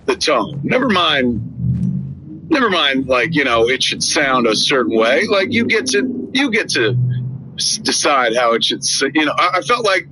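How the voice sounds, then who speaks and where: A man's voice: on the high side, background noise. A man in his fifties chatting on a podcast, telling stories and acting out quoted dialogue. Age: 50s. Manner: animated storyteller, acts out dialogue with quick voice shifts. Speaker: podcast co-host. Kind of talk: casual chat.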